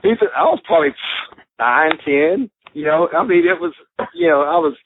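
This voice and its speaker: A man's voice: high-pitched, moderate pace, vocal fry, a little hiss or hum. A man telling wrestling stories in casual chat on a radio call-in show, rambling and laughing as he goes. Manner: animated, laughing, rambling with fillers. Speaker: wrestling guest. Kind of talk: casual storytelling. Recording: phone-line call-in audio.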